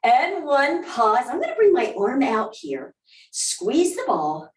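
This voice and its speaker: High-pitched with huge pitch swings, this Southern US woman takes it slowly while leading a live barre workout amid slight background noise. She whoops and counts in upbeat coaching, and the sound is roomy and distant.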